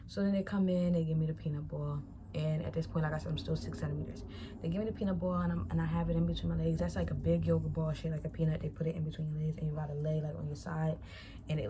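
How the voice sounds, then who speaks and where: Background noise runs under a young adult woman whose voice sits low. She's a vlogger doing a casual storytime, chatting animatedly and playing out the conversations she recounts.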